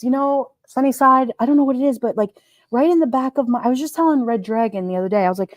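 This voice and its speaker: A woman's voice: a little high, fast, no room sound. Chatty woman reading live comments. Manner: chatty and animated, laughs often, many "like"s. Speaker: livestream host.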